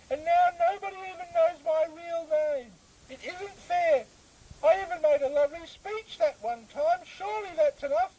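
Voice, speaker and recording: A squeaky bumbling politician. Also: male voice, warm tone, a little hiss or hum, low-quality recording. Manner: flustered, keeps fumbling his own name. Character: squeaky bumbling male opposition leader.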